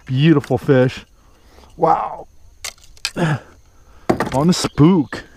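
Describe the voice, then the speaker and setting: A man filming himself bass fishing from a boat outdoors, cheering on every catch with casual commentary. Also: very slow, background noise. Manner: excited, cheers on fish with stock phrases. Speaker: fishing vlogger.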